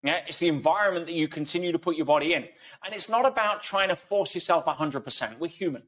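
Interview guest, male, fairly high voice, emphatic talker full of analogies. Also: fast talker, fairly bright tone. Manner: emphatic, uses analogies and rhetorical questions. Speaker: guest speaker. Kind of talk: conversational interview.

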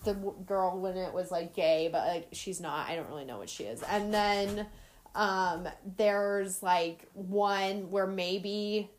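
A woman's voice: medium pitch, takes it slowly, slight background noise. A young adult woman in casual chat as a podcast co-host, rambling with constant fillers. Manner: rambling, heavy use of filler "like".

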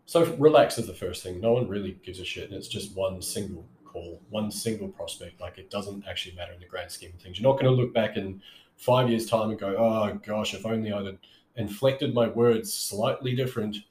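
A man with a lowish voice coaches listeners on sales calls in a loose, chatty way. He wanders through fillers and restarts, and now and then slides his pitch up or down to show a tone. The room around him is echoey and reverberant. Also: brisk, a little mellow, a little hiss or hum. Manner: conversational, rambling with frequent fillers and self-corrections; demonstrates vocal tones with shifts in pitch. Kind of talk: casual advice monologue.

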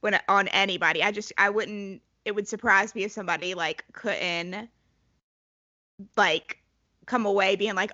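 Young woman, supportive co-host, bright tense tone, dry muffled recording. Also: mid-range voice, steady tone, normal speed, no echo. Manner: warm, supportive listener. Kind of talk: casual chat. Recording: dull dry lo-fi sound.

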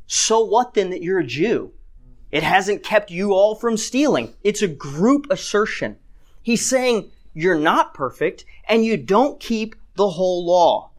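A man preaching a sermon in a conversational way, often checking in with "right?" and reading scripture aloud with rising emphasis. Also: on the high side. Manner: conversational, keeps asking "right?". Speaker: pastor.

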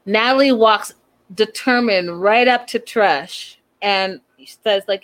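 A woman in casual chat, recapping a reality show in a gossipy, animated way and quoting the cast as she goes. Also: medium pitch, slow pace. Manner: chatty, gossipy, animated retelling with quoted lines.

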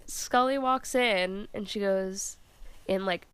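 A woman's voice: medium pitch, slow pace, crowd noise. A woman co-hosting a podcast, casually recapping a TV episode in a chatty, filler-heavy way. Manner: chatty, filler-heavy retelling with 'like' and 'um'. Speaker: podcast co-host.

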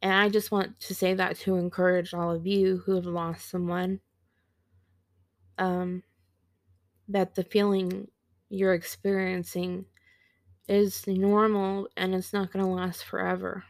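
Slow, creaky-voiced woman telling a sad story. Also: on the low side, level tone, dry recording. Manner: slow, halting and reflective, with pauses and restarts. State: teary. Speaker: podcast host. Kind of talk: personal storytelling.

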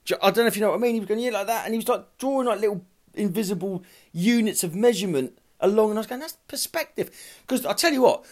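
A man's voice: sits high, rapid-fire, a little mellow. A man hosting a solo podcast, telling rambling, profane anecdotes in a casual chat style. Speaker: podcast host.

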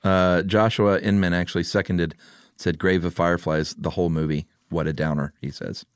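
A podcast co-host with a very deep voice, talking casually and trading dry jokes. He is a man reading out listener picks in an easy, teasing way. The sound is close and dry, with no room in it. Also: level tone, moderate pace, clean tone, dry recording. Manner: dry, joking, reads listener submissions. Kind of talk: casual chat.

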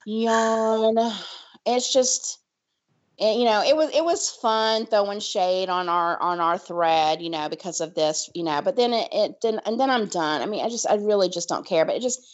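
A woman's voice: lowish voice, animated, brisk, hardly any pauses. A woman co-hosting a podcast, talking sassily in a rambling way with many fillers. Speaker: podcast co-host. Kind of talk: casual chat.

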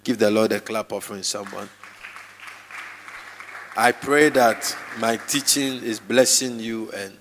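A man preaching a live sermon to a congregation, emphatic and repetitive, his voice jumping suddenly in pitch and loudness. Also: a little slow, pauses often, some chatter behind, slight background noise. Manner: repeats phrases for emphasis. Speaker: pastor. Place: church hall with congregation. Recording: long reverb of a large church hall.

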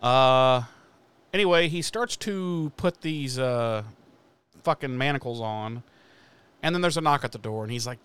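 A man co-hosting a casual podcast, recapping a show with profane jokes and quick put-on voices for the characters. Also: medium pitch, fairly bright tone, clear, resonant tone. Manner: profane, joking storyteller. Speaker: podcast co-host recapping an episode. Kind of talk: casual chat.

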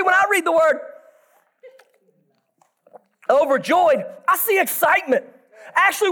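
A man in his thirties with a very high voice preaches an energetic sermon, breaking into shouts and making joking asides to the congregation.

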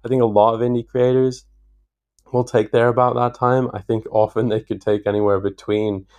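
A man's voice: medium pitch, flat delivery, moderate pace, a little mellow, clean tone, lo-fi sound. A man hosting a podcast, working through long, reflective thoughts with enthusiasm. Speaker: podcast host. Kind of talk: podcast interview.

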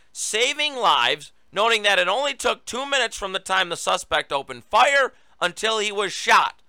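A man's voice: high-pitched, sharp tone, clear, resonant tone, no room sound. A man hosting his own show, giving a political commentary monologue and reading news quotes aloud with running asides. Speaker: show host.

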